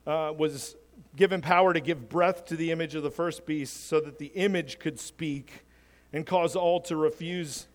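In a large hall, a man with a fairly high voice preaches casually and plainly, teaching through a Bible passage. He chuckles at his own examples as he goes.

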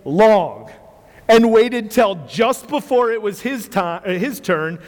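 Man, pastor, sermon, high voice, animated storytelling, long hall reverb. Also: takes it slowly. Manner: animated storytelling, acts out quotes, laughs often.

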